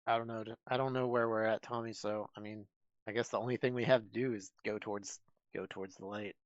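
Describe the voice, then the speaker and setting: A man playing an adventurer in a tabletop game, speaking in a hesitant, halting way on a dull, lo-fi mic. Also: fairly low pitch, fairly even intonation, dry recording, natural voice. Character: male adventurer who knows the coast.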